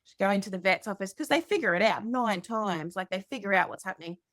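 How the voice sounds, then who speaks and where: A woman hosting a podcast, telling a story in a chatty, animated way with lots of fillers. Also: mid-range voice, fast, dry recording, studio quality. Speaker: podcast host. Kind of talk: casual storytelling chat.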